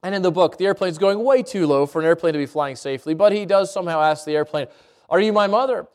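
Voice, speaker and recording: A middle-aged pastor retelling a children's story in a casual, chatty sermon with asides to the congregation. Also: male voice, a little high, fast, darkish tone, smooth.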